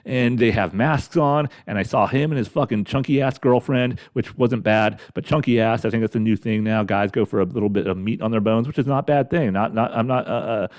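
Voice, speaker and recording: A man's voice: medium pitch, fairly quick, hardly any pauses, a little mellow. A middle-aged man grumbling through a profane, rambling comedic rant as a podcast host, talking carefully after mouth surgery. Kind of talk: ranting comedic monologue.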